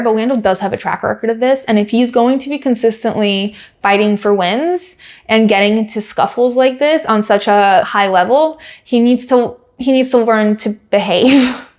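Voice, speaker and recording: A woman hosting a podcast in casual chat, rambling with lots of "like" fillers. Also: on the high side. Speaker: podcast host.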